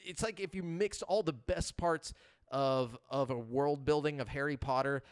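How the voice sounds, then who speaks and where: A man's voice: fairly high pitch, normal speed, clear, resonant tone, dry recording, studio quality. A man co-hosting a gaming podcast in casual chat, rambling with lots of fillers. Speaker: podcast co-host.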